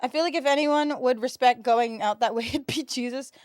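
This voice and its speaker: A woman's voice: high voice, brisk, no room sound, studio quality. A woman of twenty-two, telling stories in casual, slangy chat to her stream viewers. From United States. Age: 22, early 20s. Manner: animated, chatty storyteller, slangy. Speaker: livestreamer.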